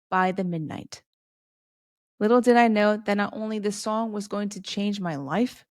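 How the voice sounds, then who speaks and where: A woman's voice: medium pitch, no room sound, studio quality. A woman in her thirties hosting a podcast, delivering an earnest, heartfelt personal monologue with playful asides. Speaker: podcast host.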